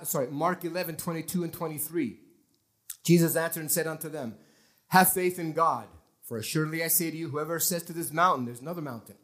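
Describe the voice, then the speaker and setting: A male pastor preaching a lively sermon in a church, acting out scenes and quoting scripture. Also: fairly high pitch. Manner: animated preaching, acting out people straining to believe.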